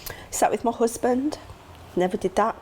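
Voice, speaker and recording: A middle-aged woman talks openly and emotionally as an interview guest. She tells her memories quickly, acting out remembered conversations, and her voice jumps high when she gasps. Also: darkish tone, a little hiss or hum. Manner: emotional, acts out quoted dialogue with sudden high gasps. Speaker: interview guest, grieving mother.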